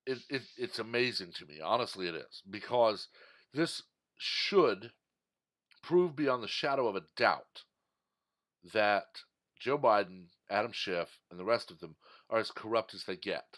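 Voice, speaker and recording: A man's voice: fairly low pitch, expressive, measured pace, fairly bright tone. Indignant man ranting in a commentary. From Texas. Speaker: political commentator. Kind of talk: opinion commentary monologue.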